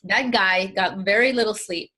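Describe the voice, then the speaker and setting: A woman's voice: mid-range voice, normal speed, sharp tone. A woman life coach talking in an interview, emphatic and motivational, often acting out quoted voices.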